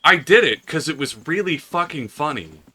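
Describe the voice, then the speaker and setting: A young man co-hosting a game playthrough, swearing freely and telling stories in a sardonic, animated way. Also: on the high side, normal speed, slightly rough. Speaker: let's play co-host. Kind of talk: casual gaming chat.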